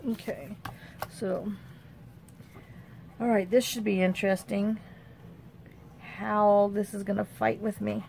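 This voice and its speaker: A woman talks her way through a casual crafting tutorial at a steady middle pitch. She rambles and thinks aloud, with her voice often sinking to a low mutter as she works. A faint hiss sits under the recording. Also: slow, vocal fry, pauses often. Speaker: crafting channel host.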